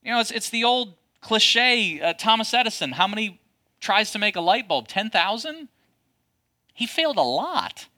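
Bright-voiced preaching man. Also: high-pitched, normal speed. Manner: lively preaching with rhetorical questions to the congregation. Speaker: pastor. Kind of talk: sermon.

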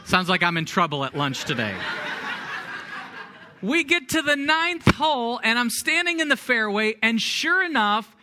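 A man's voice: extremely high pitch, big pitch swings, a little slow, background noise. A middle-aged man preaching a sermon, telling a personal story with self-deprecating humor before turning to scripture. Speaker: pastor.

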